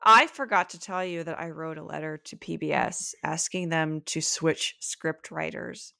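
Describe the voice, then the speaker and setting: A woman's voice: low-pitched, fairly even intonation, measured pace, vocal fry, sharp tone, no echo, studio quality. A woman guest on a comedy podcast, chatting casually, exclaiming and laughing often.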